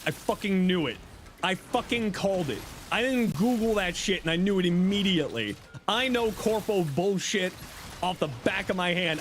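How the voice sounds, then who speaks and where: A young Canadian man with a Canadian accent streams a game and chats loosely with viewers. His voice sits a touch high and he swears freely, breaking into laughs often. A faint hiss of background noise runs underneath. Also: expressive, unhurried, gravelly, fairly bright tone. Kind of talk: casual livestream chat.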